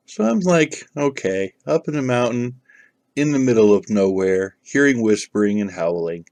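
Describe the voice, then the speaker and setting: A man's voice: mid-range voice, gravelly, a little mellow, no room sound. A man telling a personal story to the camera in a casual, rambling way, full of fillers and restarts.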